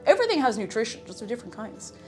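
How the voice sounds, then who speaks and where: A young woman chats casually with her live audience in a bright, playful manner and sometimes slips into sing-song. She sounds slightly out of breath, and her voice sits a little high. Background music plays clearly behind her. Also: sing-song, very fast. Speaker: livestreamer. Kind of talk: casual stream chat, reading chat aloud.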